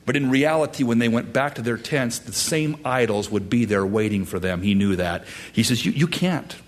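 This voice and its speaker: A man preaching an expository sermon to his congregation, animated, swinging between loud high emphasis and hushed whispers. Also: normal speed. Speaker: pastor.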